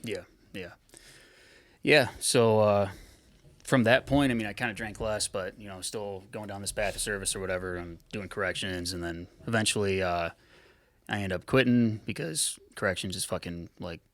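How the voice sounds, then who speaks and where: Man, thirties, low voice, blunt and sweary, halting fillers, dry close sound. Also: fairly bright tone, dry recording. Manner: frank, heavy swearing, halting with many fillers. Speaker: podcast guest. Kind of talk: candid personal storytelling. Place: podcast studio.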